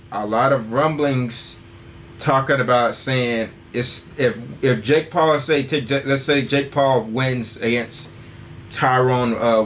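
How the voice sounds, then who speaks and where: A man's voice: medium pitch, a bit bright, slight background noise. Rambling young man on a podcast. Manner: rambling, says "and stuff like that" constantly. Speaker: podcast host. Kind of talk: casual podcast chat.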